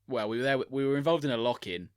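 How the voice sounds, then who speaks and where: A man's voice: mid-range voice, quick pace, clean tone, dry recording. A young man co-hosting a podcast, chiming in with dry, wry remarks. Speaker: podcast co-host. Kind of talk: casual chat.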